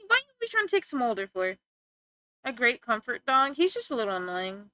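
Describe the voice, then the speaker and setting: A woman's voice: on the high side, very animated, moderate pace, pushed and bright, no echo. A young woman streamer chatting playfully with her viewers, teasing and giggling as she talks. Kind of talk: casual chat with stream viewers.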